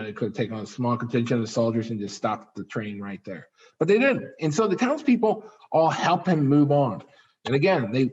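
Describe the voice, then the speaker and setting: Male author, mid-pitched voice, animated storytelling lecture, dull lo-fi recording. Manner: animated storyteller, dramatic pitch swings, fillers. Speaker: author giving a library talk. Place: library talk room.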